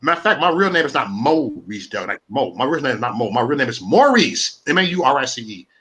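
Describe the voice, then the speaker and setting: A man's voice: mid-range voice, very animated, fast talker, fairly bright tone. A man in his forties hosting a live stream, ranting in a profane, repetitive and confrontational way. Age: 40s.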